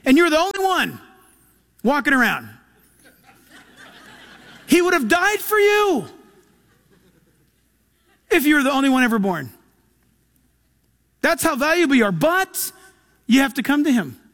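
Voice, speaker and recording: A man preaching a sermon, swinging between loud urgent appeals and hushed asides, acting out little quotes as he goes. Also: very high-pitched, big pitch swings, measured pace, long pauses. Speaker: pastor.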